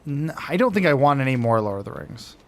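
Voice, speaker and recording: A man's voice: mid-range voice, big pitch swings, fast talker. A man in casual banter with friends while gaming, rambling and tripping over his words. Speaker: gaming group member.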